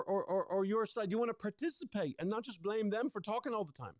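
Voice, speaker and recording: A relationship coach presents a live online workshop on conflict in a high-pitched, somewhat dark voice. The recording is dry and studio quality. He talks energetically, often repeating words and putting questions to his audience.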